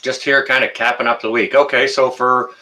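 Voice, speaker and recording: A man's voice: medium pitch, flat delivery, brisk, sharp tone. A Canadian man hosting a casual livestream, greeting viewers in the chat by name and chatting with plenty of fillers. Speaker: livestream host.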